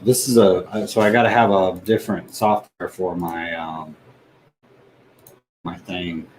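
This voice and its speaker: A man hosting a livestream, chatting casually and haltingly as he thinks aloud with frequent fillers. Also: sits low, little pitch movement, slight background noise, rough recording. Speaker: livestream host. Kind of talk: casual stream setup chat.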